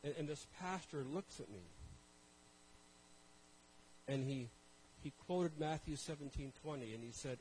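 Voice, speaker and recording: A man's voice: fairly high pitch, a little slow, pauses often, a little mellow, slight background noise, poor audio. A man from Canada preaching a sermon and telling a personal story. He talks conversationally, with self-deprecating asides, and addresses the congregation directly.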